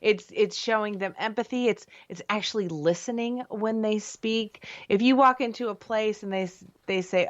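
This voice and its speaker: A woman's voice: medium pitch, normal speed, hardly any pauses, no room sound. A woman, a paranormal investigator and author, chatting as a guest in a casual interview, laughing often and restarting her phrases. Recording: dull lo-fi remote audio.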